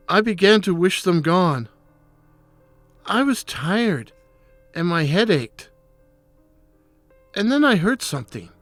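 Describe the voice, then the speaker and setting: A storyteller reading a first-person horror tale in a slow, brooding, theatrical way. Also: medium pitch, no echo.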